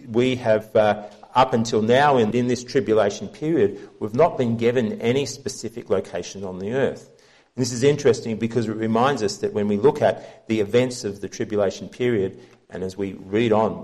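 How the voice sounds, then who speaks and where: A man preaching a sermon as pastor, teaching from the Bible in an earnest, measured way. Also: fairly low pitch, darkish tone.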